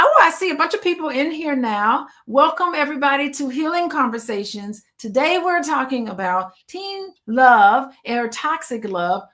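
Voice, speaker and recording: A woman therapist hosting a live-streamed interview, talking lively and casually with frequent laughs and relaxed slang. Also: a little high. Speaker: therapist and host.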